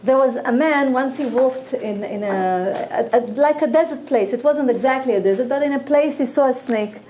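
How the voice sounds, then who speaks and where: A woman teaching a Torah lesson, explaining slowly and earnestly with many restarts and repeated words. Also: high-pitched, warm tone, poor audio. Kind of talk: religious lesson with storytelling.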